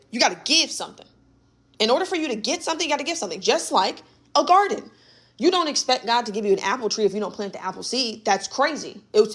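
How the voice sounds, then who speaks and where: A young adult woman talks through a phone or webcam mic on a live stream. She coaches in a casual, emphatic way, circling back to repeat her points. She speaks straight to her listeners, calling them baby and y'all. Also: on the high side. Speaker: spiritual coach hosting a live session. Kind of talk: casual motivational teaching on a livestream.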